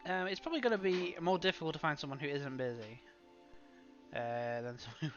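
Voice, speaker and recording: A man narrating a tabletop game as game master, halting with fillers and chuckles. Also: fairly high pitch. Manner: halting, lots of fillers and laughs. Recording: dull lo-fi audio with background music.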